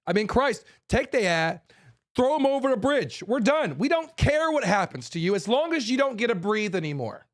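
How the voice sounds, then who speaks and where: A man with a fairly high voice rants in a heated monologue. He talks bluntly and profanely, hammers on repeated phrases, and stumbles into restarts as he gets more fired up. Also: big pitch swings, normal speed. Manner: fired up, forceful. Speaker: host.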